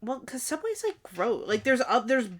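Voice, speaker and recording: A woman co-hosting a podcast, talking frankly and casually with quick asides and swearing. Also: sits high, sing-song. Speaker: podcast co-host. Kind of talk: casual chat.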